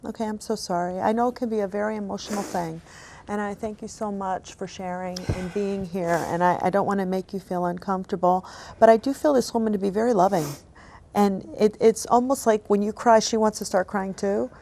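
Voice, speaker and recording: A woman hosting as a psychic medium, giving a reading in a gentle, apologetic, emotional way that often drops to a soft hush. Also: mid-range voice, fairly even intonation, fairly quick, gravelly, a little hiss or hum.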